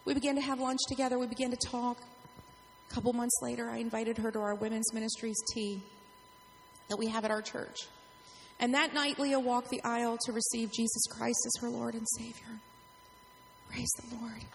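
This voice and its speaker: A middle-aged woman pastor telling a story in a sermon, acting out the quotes with lively animation. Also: on the high side, fairly quick, vocal fry. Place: church sanctuary. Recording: echoey hall, faint hum.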